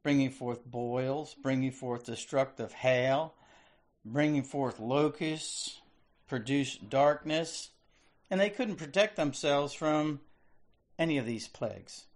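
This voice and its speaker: A male preacher delivers a sermon, reading scripture aloud and then explaining it. He speaks slowly and deliberately, in a mid-range voice. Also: medium pitch.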